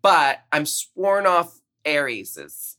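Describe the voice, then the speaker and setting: A woman's voice: low voice, sing-song, extremely slow, bright, forceful tone. A woman hosting a podcast, chatting casually with her guest and laughing often. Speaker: podcast host. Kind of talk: casual interview chat.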